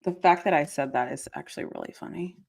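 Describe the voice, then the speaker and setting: A woman's voice: low voice, quick pace, vocal fry, darkish tone. A British woman on a casual livestream, giggling and self-conscious as she reads out a list of picks. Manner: giggly, self-conscious, laughs between words. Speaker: guest reading mock draft picks.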